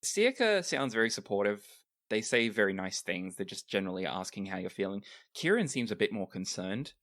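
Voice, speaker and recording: Game master with a lively voice. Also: low-pitched, a little fast. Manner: descriptive, relaxed narration with verbal fillers. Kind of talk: narrating a tabletop game.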